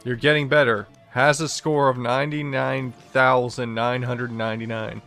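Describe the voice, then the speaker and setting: A man's voice: medium pitch, level tone, normal speed, a bit bright, faint music behind. Give me a wry man commenting casually on gameplay. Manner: wry, offhand remarks with chuckles. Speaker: let's play host.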